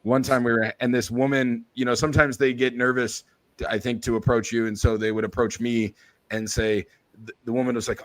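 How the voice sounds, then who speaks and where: A man's voice: mid-range voice, level tone, a little fast, no room sound, rough recording. Male co-host, chatty anecdote teller, close dry recording. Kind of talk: casual storytelling chat.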